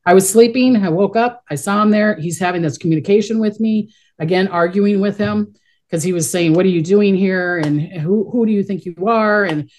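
A woman's voice: medium pitch, moderate pace, a little mellow. A middle-aged woman telling stories in a casual interview, rambling and chatty, often restarting her sentences. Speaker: guest, psychic medium.

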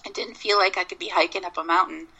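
A woman from Minnesota with a bright, gravelly voice that sits a little low. She tells long stories in a relaxed interview, circling back with restarts and fillers as she goes. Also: quick pace, rough recording. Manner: rambling, with many restarts and fillers. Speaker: Bigfoot researcher guest. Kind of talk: casual interview storytelling.

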